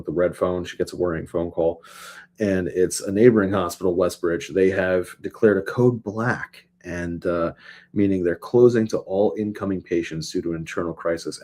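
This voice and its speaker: Deep-voiced man recapping a TV episode. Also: darkish tone. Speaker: podcast co-host. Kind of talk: casual TV episode recap chat.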